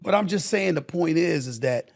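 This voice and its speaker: A middle-aged man, a sports commentator talking as a guest on a casual interview show, loud and passionate, driving his points home with emphasis. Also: on the high side, expressive, normal speed, creaky. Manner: loud, passionate, emphatic storyteller who acts out past exchanges.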